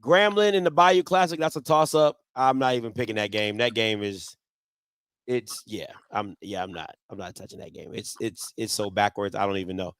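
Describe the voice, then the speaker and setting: A man's voice: on the low side, normal speed, a bit bright, clean tone, no room sound. A man hosting a sports talk show, debating football in an emphatic style and repeating his points.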